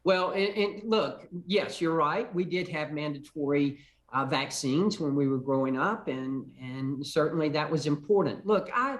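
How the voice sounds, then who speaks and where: Emphatic older congressman, fairly high voice. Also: measured pace. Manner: emphatic, repeats words when starting sentences. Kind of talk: call-in TV interview answers.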